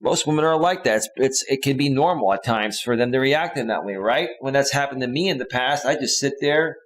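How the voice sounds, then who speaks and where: A man's voice: medium pitch, expressive, fairly quick. A male relationship coach giving casual advice in an earnest, lecturing way.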